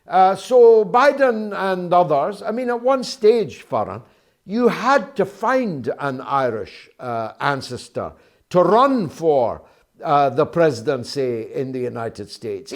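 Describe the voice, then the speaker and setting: A man hosting a political interview, speaking in a measured way with frequent pauses. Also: high-pitched, gravelly. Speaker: interview host.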